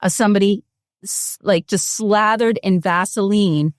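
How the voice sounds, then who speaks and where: A woman chats on a podcast panel, animated and amused as she tells a story. Her voice sits in a middle range. The sound is dry and close. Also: medium pitch, measured pace, no echo. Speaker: podcast co-host. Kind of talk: casual panel chat.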